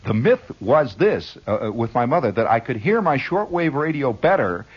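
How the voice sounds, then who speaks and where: A man's voice: medium pitch, very animated, normal speed, slightly rough. A man telling a rambling first-person story on the radio, talking to listeners with repeated words and asides. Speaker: radio monologist. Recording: dull lo-fi 1960s radio broadcast.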